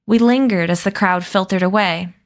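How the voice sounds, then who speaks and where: A woman reads a novel aloud in a calm, steady storytelling manner. Her voice sits in a middle range for a woman, neither high nor low. She keeps an even reading flow. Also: normal speed.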